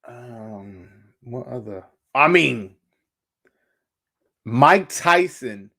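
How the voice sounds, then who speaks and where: A man's voice: on the high side, fairly bright tone. A man, hosting a casual boxing talk stream and rambling with lots of fillers and slang. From Brooklyn, New York. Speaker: boxing show host. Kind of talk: casual livestream chat.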